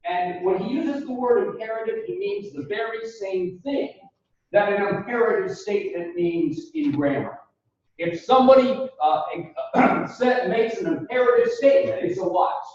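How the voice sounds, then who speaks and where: A man lecturing a philosophy class, deliberate and explanatory, calling the students folks and quizzing them as he goes. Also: high-pitched, animated, darkish tone. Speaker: philosophy instructor. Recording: echoey classroom recorded from far off, dull lo-fi sound.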